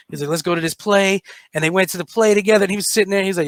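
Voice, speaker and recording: A man jokes and tells stories on a comedy radio show, and his voice sits high and sounds bright and forward. He acts out the people in his stories with lots of animation. The studio sound is dry and close. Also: rapid-fire, no room sound. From New York. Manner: animated, acts out characters in bits. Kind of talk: comedic banter and storytelling.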